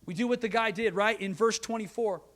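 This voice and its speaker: A man in his thirties preaching a sermon, earnest, moving between loud emphasis and quiet, soft asides. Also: high voice, fairly quick. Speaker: pastor.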